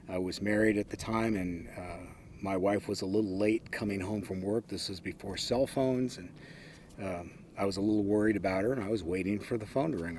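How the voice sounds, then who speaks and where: Low-voiced older man telling stories. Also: darkish tone, slight background noise. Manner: unhurried, wry, many ums and uhs. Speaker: interviewee. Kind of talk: casual anecdotal storytelling.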